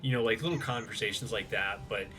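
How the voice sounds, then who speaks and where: A man's voice: lowish voice, quick pace, bright, forceful tone. A man narrating as game master of a tabletop role-playing game, in a loose, chatty way full of fillers.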